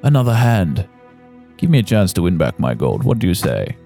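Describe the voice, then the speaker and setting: A man voicing a smug, sarcastic card player at a high-stakes table in a tabletop game, with a taunting, drawn-out delivery. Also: big pitch swings, gravelly, warm tone, faint music behind, full character voice. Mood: gracious.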